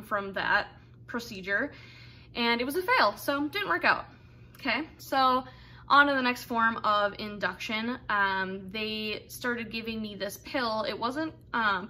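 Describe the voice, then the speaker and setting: A young woman vlogger tells her birth story candidly, rambling along with lots of fillers and asides. Her voice is fairly high and sharp.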